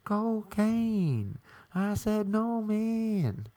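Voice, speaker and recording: Male podcast host, crude comic rambler, slow and dry. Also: sits high, big pitch swings, dark tone, no room sound. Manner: crude, jokey, breaks into sung snippets.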